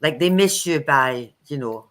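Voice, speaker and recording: A woman's voice: deep voice, expressive, unhurried, a bit bright. Chatty woman telling stories. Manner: chatty storyteller who acts out quoted speech. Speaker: co-host of a live spiritual chat stream. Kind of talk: casual live-stream talk.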